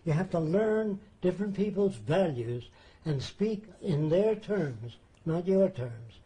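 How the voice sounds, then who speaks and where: Mellow-voiced man spinning an anecdote. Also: fairly high pitch, expressive, poor audio. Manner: deliberate, emphatic, rhetorical questions. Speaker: storyteller. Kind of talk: casual storytelling.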